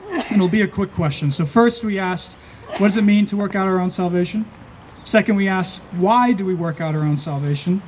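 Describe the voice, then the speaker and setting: A pastor preaching an earnest sermon, slowing down and stressing key phrases. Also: male voice, high-pitched, a little hiss or hum.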